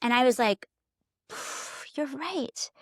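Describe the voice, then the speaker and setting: In a dry, studio-quality recording, a woman with a high-sitting voice speaks very slowly as she co-hosts a casual parenting podcast. She's an animated storyteller who acts out quotes and laughs often.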